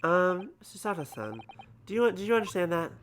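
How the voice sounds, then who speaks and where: A man's voice: high-pitched, big pitch swings, moderate pace, fairly bright tone. A man streaming a game, casually joking and swearing while reading dialogue aloud. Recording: background noise from home stream setup.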